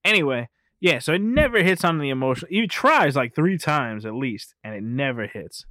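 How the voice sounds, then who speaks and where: A man's voice: a little high, lively intonation, normal speed, bright, forceful tone, no room sound. A man in casual, profane chat, rambling through a movie recap and laughing often. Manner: rambling, laughs often, keeps saying anyway.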